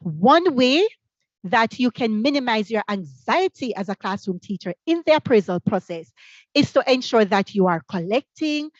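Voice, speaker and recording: Jamaican woman, workshop facilitator, brisk rhetorical questions, slightly high voice, dull dry call audio. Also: dry recording. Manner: energetic, asks many rhetorical questions. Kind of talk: teacher training workshop.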